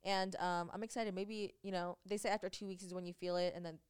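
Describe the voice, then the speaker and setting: A woman's voice: on the low side, flat delivery, fairly quick, clear, resonant tone. A young woman co-hosting a podcast, chatting casually with lots of fillers and bursts of laughter. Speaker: podcast co-host. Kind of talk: casual chat.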